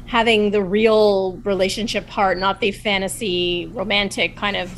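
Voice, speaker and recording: A woman in casual conversation as a podcast guest, telling a personal story in a chatty, animated way full of fillers. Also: mid-range voice, moderate pace, slight background noise, rough recording. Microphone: video call.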